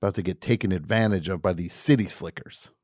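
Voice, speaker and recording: A man's voice: deep voice, quick pace, a little mellow, no room sound. A man hosting a live radio show from a studio, joking and sarcastic, with rambling asides. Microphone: studio mic, on camera.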